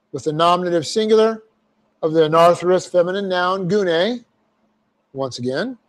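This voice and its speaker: A man teaching a verse-by-verse Bible class, explaining Greek grammar step by step with folksy asides. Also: fairly high pitch. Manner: folksy asides, repeats phrases for emphasis.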